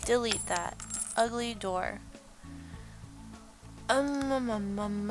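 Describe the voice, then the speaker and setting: A woman's voice: fairly high pitch, unhurried, a bit bright, soft background music. A young woman giving casual, rambling let's-play commentary while she builds, chatting and laughing at herself. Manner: chatty, rambling, self-deprecating, laughs often.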